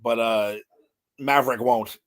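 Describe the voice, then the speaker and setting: A man co-hosting a podcast, telling stories in an animated way with swearing and laughter. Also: medium pitch, unhurried. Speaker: podcast co-host. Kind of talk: casual chat.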